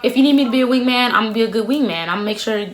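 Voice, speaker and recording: A young woman in her twenties telling a story to her phone camera in a casual, slangy, animated way, laughing often. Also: fairly high pitch, very fast. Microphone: phone camera at arm's length.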